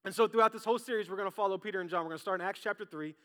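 A man preaching a sermon as pastor, lively and joking, talking straight to his congregation. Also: sits high, rapid-fire. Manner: lively, jokey, talks straight to the crowd. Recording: long hall reverb.

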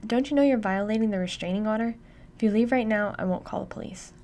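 A woman's voice: fast, close to an everyday voice. Woman voicing a frightened, defiant mother. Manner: sharp, shrill when angry.

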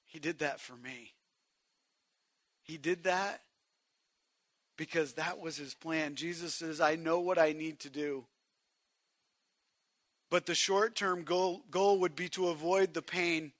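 A man preaching with a high, bright voice. He swings from near-whispered lines to shouted peaks and speaks straight to his congregation. The sound is dry and close, with no room echo. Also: steady tone, slow, pauses often. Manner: swings from hushed to shouted emphasis; direct address to the congregation. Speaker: pastor. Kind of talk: sermon.

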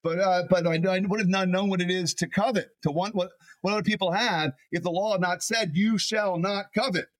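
A man, a pastor, preaching a sermon in an animated way, often repeating words as he builds a point. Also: sits high, brisk, hardly any pauses.

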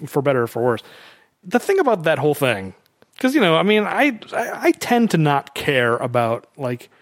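A man in a casual, opinionated movie discussion, animated and mocking. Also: fairly high pitch, normal speed, no room sound, studio quality.

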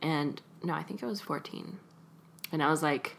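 A woman's voice: deep voice, moderate pace, creaky, a bit bright. A young adult woman from California, chatting casually as an interview guest and laughing often. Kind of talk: casual conversation.

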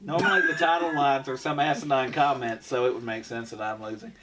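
A man's voice: medium pitch, brisk, far from the mic, heavy background noise. A man co-hosting a casual group podcast, rambling through a story with many restarts and asides. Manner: rambling, restarts often, laughs at his own jokes. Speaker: podcast co-host.

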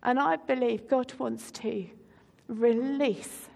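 High-voiced woman preaching in a church. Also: fairly even intonation, slow, vocal fry, darkish tone, in a large hall. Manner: conversational storytelling with frequent ums. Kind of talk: personal story sermon. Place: church hall.

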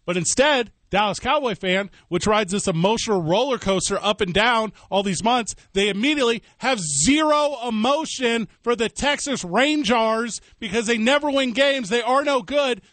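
A man hosting a sports talk radio show, ranting in animated bursts with quick asides, on a studio microphone. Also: extremely high pitch, no room sound.

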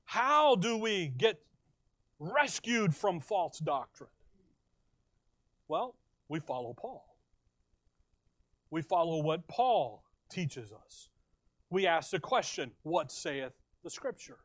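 With no room sound, a pastor's high, very animated and slightly bright voice carries his sermon. He reads scripture in slow, stressed phrases and throws questions at the congregation before responding to them himself.

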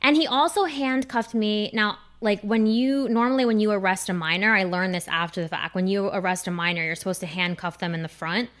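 A woman's voice: mid-range voice, a little fast, few pauses. A woman from New Jersey, a comedian guest telling a story on a casual podcast and acting out the quoted voices. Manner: animated, acts out quoted voices.

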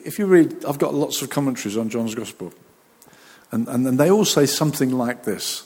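A man preaching a sermon as a pastor, lively and animated, who acts out the voices of the people he talks about. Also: medium pitch, husky, in a large hall.

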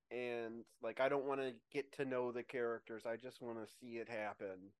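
Smooth-voiced man, halting podcast chat. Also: medium pitch, steady tone. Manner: hesitant, lots of ums and restarts, wry. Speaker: podcast co-host. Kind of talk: casual chat. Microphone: remote call.

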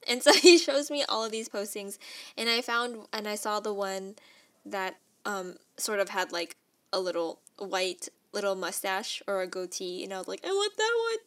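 A young adult woman telling a personal story in a casual, animated way, with lots of "like" and quick laughs. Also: medium pitch. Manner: animated and emotional, heavy use of "like", frequent laughs.

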